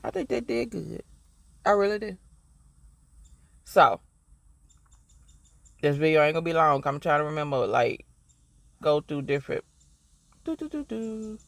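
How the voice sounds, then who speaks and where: A man's voice: a little high, normal speed, gravelly, long pauses, fairly bright tone, no room sound. A man from Mississippi with a Southern accent, giving a rambling, profane, emphatic TV review in casual chat. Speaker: TV show reviewer.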